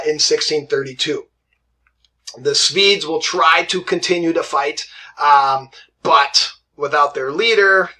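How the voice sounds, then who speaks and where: A man's voice: fairly high pitch, bright, forceful tone. A man teaching a history lesson in a conversational way, often checking in with "right?" and "okay?" and acting out quotes from historical figures. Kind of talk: classroom history lecture.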